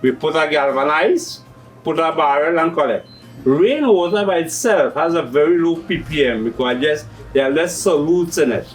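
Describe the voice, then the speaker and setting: A hydroponics shop owner with a Trinidadian accent, middle-aged and slightly high-voiced, talks at normal speed as he patiently explains his hydroponic systems on a farming TV show. He leans on local expressions. The recording is rough and distant, with faint background music.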